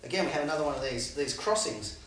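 A preacher giving an animated sermon, laughing between Bible readings and acting out the confused disciples. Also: mid-range voice, fast talker, slight background noise. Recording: echoey hall, voice picked up from a distance.

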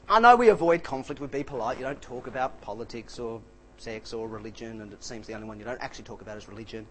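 A man's voice: mid-range voice, fast, sharp tone, a little hiss or hum. A middle-aged Australian man, an evangelist, giving a talk full of anecdotes and acting out the voices of people he quotes. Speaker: evangelist preacher.

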